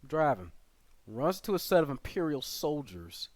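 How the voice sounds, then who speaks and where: A man's voice: fairly high pitch, very animated, no echo. Man casually recapping a plot, dry sound. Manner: rambling, filler-heavy retelling with quick asides. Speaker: channel host reviewing a series.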